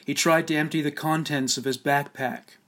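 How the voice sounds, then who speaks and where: A man's voice: fairly high pitch, steady tone, moderate pace, fairly bright tone. Solemn male documentary narrator.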